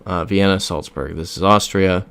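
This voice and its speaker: A man's voice: deep voice, fairly even intonation, normal speed, vocal fry, a bit bright, smooth. A young American man streaming a geography game, chatting casually, muttering guesses and reading viewer comments aloud. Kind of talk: casual live-stream chat while playing a geography game.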